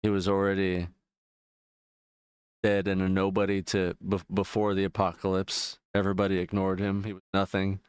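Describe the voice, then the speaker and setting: Low, smooth-voiced male streamer rambling. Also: monotone, normal speed, no room sound, clean studio sound. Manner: rambling, profane, loose retelling with frequent fillers. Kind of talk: casual chat while gaming.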